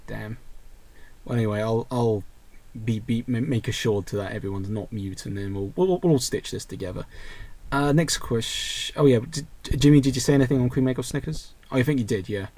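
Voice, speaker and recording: A young man with a voice of middling pitch hosts a loose, casual podcast over a voice call. He reads out listener questions and rambles through his answers, often stopping and restarting mid-thought. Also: brisk, a little mellow.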